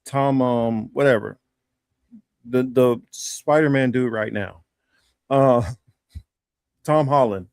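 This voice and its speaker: Gravelly dude rambling on a stream, lots of ums, dry close sound. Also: male voice, mid-range voice, dry recording. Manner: rambling, halting, many fillers. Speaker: livestream co-host. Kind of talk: casual chat.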